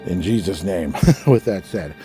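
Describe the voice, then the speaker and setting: Over music, a man with a deep, animated voice hosts his own political podcast, speaking a little slowly. His casual monologue rambles loosely, with plenty of fillers and small apologies.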